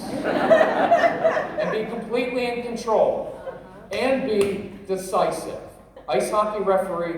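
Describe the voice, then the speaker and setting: A man's voice: fairly high pitch, darkish tone. A middle-aged man giving a humorous, rambling parenting workshop to a live audience, joking and talking straight to the crowd. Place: large convention hall. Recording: echoey hall, voice from a distance, faint noise.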